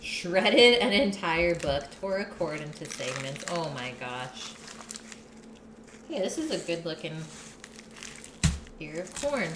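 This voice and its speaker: A woman's voice: fairly low pitch, big pitch swings, slow pace, pauses often, roomy sound, background noise. A woman hosting a live cooking stream, chatting casually with her viewers and her partner while she cooks. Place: home kitchen.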